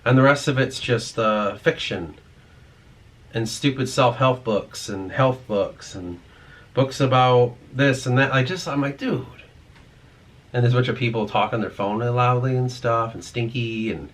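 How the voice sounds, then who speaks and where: A man's voice: medium pitch, normal speed, a bit bright. A man vlogging in a rambling, profane, ranting monologue.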